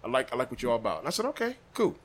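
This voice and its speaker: Animated storytelling man from Des Moines. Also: rapid-fire. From Des Moines, Iowa. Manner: animated, acts out quotes with big pitch jumps. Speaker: barbecue sauce maker, podcast guest. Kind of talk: casual storytelling.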